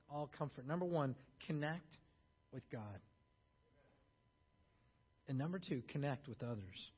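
Pastor man preaching, soft to rising. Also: normal speed, long pauses, husky. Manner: storytelling, drops soft and low for quotes, rises loud for emphasis. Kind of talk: sermon. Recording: dull lo-fi sermon recording.

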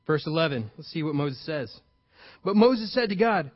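A fairly high-voiced man delivers a sermon to a live congregation. He keeps it conversational, checks in with the crowd and builds to loud, emphatic high points. The recording is dull and muffled. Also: expressive, moderate pace. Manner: conversational preaching, checks in with "right?". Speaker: pastor.

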